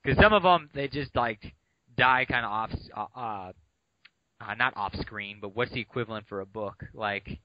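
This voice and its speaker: A man's voice: lowish voice, moderate pace, no echo. A man co-hosting a podcast, chatting casually about a book in a laid-back way, often with short replies. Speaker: podcast co-host. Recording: dull lo-fi podcast audio.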